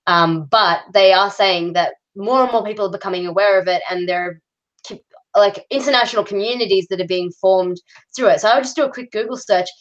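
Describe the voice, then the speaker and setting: A woman, chatting as a guest over a video call, relaxed and hesitant with many ums. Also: mid-range voice, brisk, muffled recording. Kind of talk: casual video-call chat.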